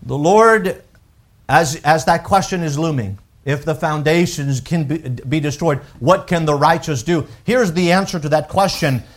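High-pitched man, sermon, unhurried delivery, swings loud to soft, emphatic. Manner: emphatic preaching with big swings in loudness; unhurried, deliberate, with pauses and repeated words. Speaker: pastor.

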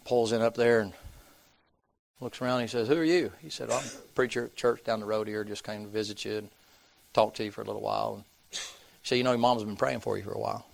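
A man's voice: mid-range voice, gravelly, no room sound. A man, preaching by telling a folksy story and acting out the people's voices. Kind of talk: sermon storytelling.

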